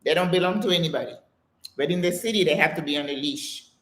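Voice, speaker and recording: The host of a casual live stream, an older American woman, talks fast in a deep voice as she answers viewer comments. She's chatty and animated, laughing and exclaiming through her stories, and the room echoes.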